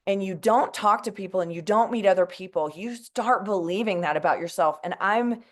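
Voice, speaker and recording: An earnest woman in her forties with a drawl speaks to an audience about her own experience. Her voice sits at a medium pitch and she sounds close to tears, leaning on fillers like "like" and "you know." She talks from the heart as a mental health advocate. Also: a little fast. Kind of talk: heartfelt personal talk to an audience.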